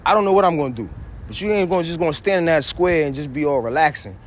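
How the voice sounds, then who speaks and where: A man's voice: fairly high pitch, animated, fast, slight background noise. A man vlogging outdoors, rambling in a heated, preachy way, quoting scripture and trailing off into mutters. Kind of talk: rambling street vlog with scripture quotes.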